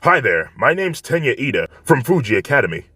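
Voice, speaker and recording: A man's voice: mid-range voice, very animated, fairly quick, pushed and bright, husky, no room sound, studio quality, voice pushed up, exaggerated voice. A man voicing a stiff, formal teenage boy who scolds and lectures. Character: stiff, rule-bound teenage boy class rep.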